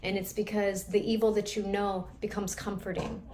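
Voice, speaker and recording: An earnest woman coach talks through ideas in a live class. She speaks in a steady mid-range voice and explains each point patiently. She keeps a calm teaching manner throughout. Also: medium pitch, moderate pace, noisy background. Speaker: trauma recovery coach.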